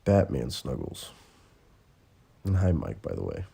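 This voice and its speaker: Male streamer, gravelly and husky, rambling and profane, some asides whispered. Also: rumbling low, very animated, measured pace, mellow. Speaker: livestream host. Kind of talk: casual livestream chat. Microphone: tablet or phone mic.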